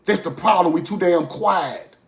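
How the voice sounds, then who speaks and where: A man delivers a passionate, profane monologue straight to his listeners. His voice sits high, and he keeps circling back to the same phrases. He moves from forceful outbursts to low, muttered stretches. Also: moderate pace, vocal fry. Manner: forceful, repetitive, profane, swings from loud to low. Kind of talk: impassioned monologue to camera.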